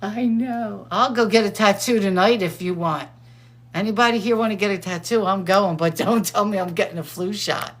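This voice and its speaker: A middle-aged woman hosting a show, chatting casually and excitedly, laughing often. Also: mid-range voice, moderate pace. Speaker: host. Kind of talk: casual chat.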